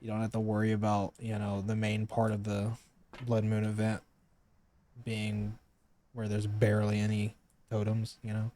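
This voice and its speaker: A man's voice: lowish voice, monotone, moderate pace, mellow, slight background noise. A man streaming a game live, chatting casually, calling out to the ghost and grumbling about game updates. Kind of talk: casual live gameplay commentary.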